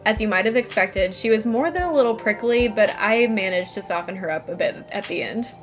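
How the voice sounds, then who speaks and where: A woman's voice: mid-range voice, lively intonation, brisk, soft background music, natural voice. Woman as a dry, teasing townswoman. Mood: wry. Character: wry woman, town local with a dog.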